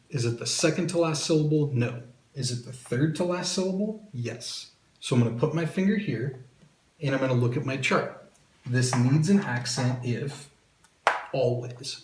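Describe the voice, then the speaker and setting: A man's voice: mid-range voice, a little mellow. Man teaching step by step. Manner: slow, deliberate, step-by-step. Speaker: Spanish teacher. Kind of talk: explaining a grammar lesson. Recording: echoey room.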